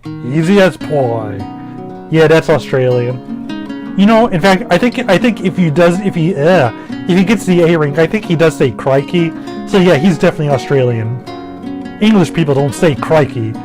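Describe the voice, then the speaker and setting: A man's voice: a little high, expressive, normal speed, music in the background. A man giving casual, rambling gameplay commentary, full of fillers, restarts and the odd swear word. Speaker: gaming commentator.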